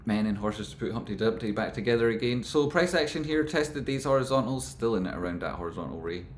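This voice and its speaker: A man rambling through casual stock market commentary, with animated, exasperated rants. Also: on the low side, fast, roomy sound, a little hiss or hum.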